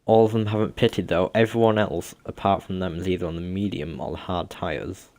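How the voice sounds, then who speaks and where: A man's voice: low voice, fairly even intonation, fairly quick, a little mellow. A man co-commentating a sim race, matter-of-fact as he reads out standings and strategy.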